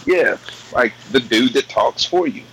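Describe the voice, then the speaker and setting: Man, bright and forceful tone, deadpan jokester in casual chat. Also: medium pitch, unhurried, creaky, slight background noise, poor audio. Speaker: co-host of casual drinking chat. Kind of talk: casual crude banter.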